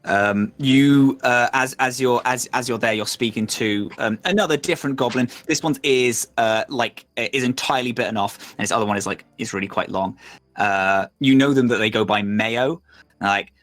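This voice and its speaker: A man narrating as game master, rambling with lots of fillers and slipping into quick voices for side characters. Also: mid-range voice, a bit bright.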